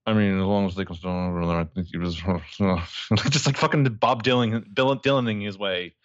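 A man's voice: low-pitched, moderate pace, dry recording, muffled recording. A man co-hosting a podcast, chatting casually and animatedly, joking and laughing as he talks. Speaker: podcast co-host. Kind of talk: casual chat.

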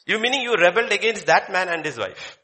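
A man preaching a sermon, his voice sitting a touch high and sounding bright and forceful. He is dramatic, swinging from loud declaiming to hushed, low lines, with a very lively rise and fall in pitch. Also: fast talker, husky.

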